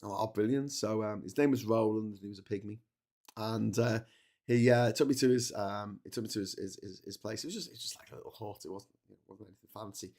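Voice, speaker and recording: A man's voice: lowish voice, steady tone, fast talker, a little mellow. A man hosting a long solo livestream, telling travel stories in a rambling way with many restarts while he is losing his voice. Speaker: livestream host. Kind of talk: casual travel storytelling. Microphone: streaming setup.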